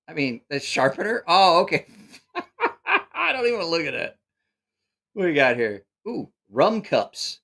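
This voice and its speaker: A man's voice: a little high, gravelly, fairly bright tone. Profane, incredulous man hosting a live stream. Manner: incredulous, profane, mocking rants with laughter. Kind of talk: casual live-stream commentary.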